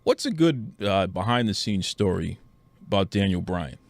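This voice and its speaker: A man with a low voice hosts a podcast, eagerly prompting his guest for stories. The sound is close and dry, with no room around it. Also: very animated, moderate pace, vocal fry, no echo. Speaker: podcast host. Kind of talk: podcast interview.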